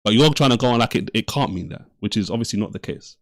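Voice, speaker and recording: A man's voice: on the low side, lively intonation, quick pace, slight background noise. A man hosting a live debate stream, arguing heatedly and often repeating himself as he talks over the other speaker. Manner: interrupts, repeats himself insistently. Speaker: livestream debate host.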